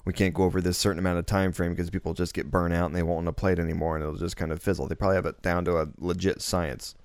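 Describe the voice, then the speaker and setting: A young man co-hosting a casual podcast, reading news items aloud with fillers and quick self-corrections. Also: sits low, little pitch movement, clean tone, no echo. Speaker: podcast co-host. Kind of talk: casual chat.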